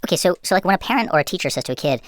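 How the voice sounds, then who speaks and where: A woman hosting a podcast and eagerly summing up what her guest said. She talks fast in a low voice. The sound is dry and close. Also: lively intonation, no room sound. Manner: eager, rephrasing the point. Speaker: podcast host. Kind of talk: podcast interview.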